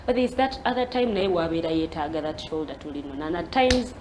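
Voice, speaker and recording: A woman's voice: sits low, expressive, fast, noisy background. A Ugandan woman panelist in casual chat, earnest and switching between English and Luganda.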